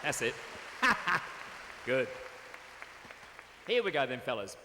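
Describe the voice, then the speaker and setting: A man's voice: mid-range voice, sing-song, takes it slowly, noisy background. An Australian man bantering cheekily with a live audience as a stage entertainer, on a stage microphone. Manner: cheeky, chatty, teasing the crowd. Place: stage at a fair venue before a live audience. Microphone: stage microphone on a cable. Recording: reverberant live venue with band music.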